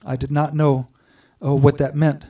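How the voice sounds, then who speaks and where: A man giving an earnest personal testimony to a group, telling his story with pauses and restarts. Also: fairly high pitch, little pitch movement, mellow, far from the mic. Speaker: speaker sharing a personal spiritual story.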